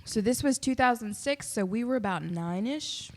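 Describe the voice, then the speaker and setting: A young woman co-hosting a podcast in casual chat, excitable and giggly. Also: fairly high pitch, moderate pace. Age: young adult. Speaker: podcast co-host.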